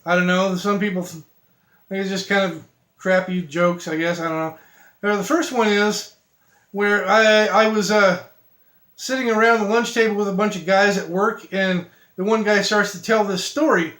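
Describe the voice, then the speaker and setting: A man telling long story jokes in a halting, rambling way, with many restarts. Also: sits high, steady tone, a bit bright, reverberant. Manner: halting, many restarts and fillers, self-deprecating. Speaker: amateur joke teller.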